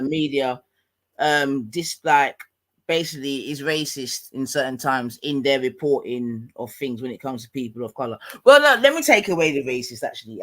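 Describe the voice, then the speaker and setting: A man's voice: on the high side, fairly bright tone. A male host putting a question to his guest, rephrasing his point with care. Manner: measured, rephrases points carefully. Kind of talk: talk show chat.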